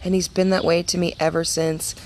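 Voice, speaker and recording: Earnest low-voiced woman sharing testimony. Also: little pitch movement, fairly quick, darkish tone, a little hiss or hum. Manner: earnest, conversational, with many fillers and restarts. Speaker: women's ministry speaker. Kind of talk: personal faith testimony.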